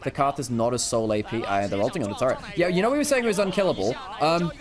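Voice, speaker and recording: A man doing excitable, jokey play-by-play commentary as an esports caster, swinging between shouts and low asides. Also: rapid-fire, a crowd in the background.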